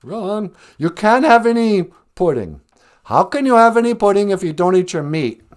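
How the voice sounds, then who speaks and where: A man's voice: high voice, sing-song, normal speed, pitched above the performer's own voice. A man barking as a stern scolding schoolmaster. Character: stern shouting male schoolmaster. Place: outdoor back porch.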